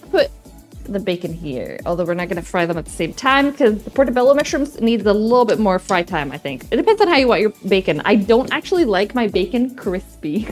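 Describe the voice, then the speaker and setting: Swedish girl rambling thru a cooking stream, slight accent, faint music behind. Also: medium pitch. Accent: light Swedish. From Sweden. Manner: chatty, rambling, playful asides. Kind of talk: casual cooking chat.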